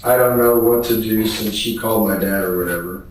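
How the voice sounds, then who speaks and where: A man testifying in court, reading text messages aloud in a measured, flat way. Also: fairly low pitch, background noise. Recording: echoey room, voice picked up from a distance.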